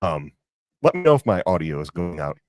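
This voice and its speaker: This man co-hosts a sports podcast in loose, rambling chat. His voice sits a little low, the sound is dry, and the call line keeps breaking up. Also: sing-song, fairly quick, no echo. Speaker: podcast co-host. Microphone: remote call. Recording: dry sound, choppy internet audio.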